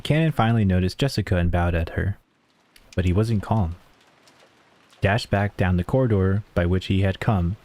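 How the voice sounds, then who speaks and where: A man's voice: deep voice, darkish tone. A man streaming, reading a visual novel's narration aloud with musing asides.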